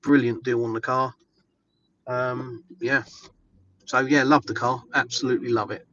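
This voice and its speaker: A man's voice: medium pitch, fairly even intonation, moderate pace, a bit bright, highs cut off. An English man chatting casually and upbeat with viewers while he drives, answering their questions with plenty of ums. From England. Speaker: vlogger live-streaming. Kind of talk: casual live-stream chat while driving. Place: inside a car, driving.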